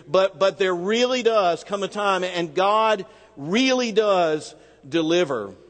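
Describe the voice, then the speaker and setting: A man with a high-pitched voice preaches in a relaxed, storytelling way, dropping into slow, deliberate phrasing for emphasis. His voice carries a long reverb tail, as if from a large sanctuary. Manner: conversational storytelling with emphatic slowdowns. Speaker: pastor. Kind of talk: sermon with personal story.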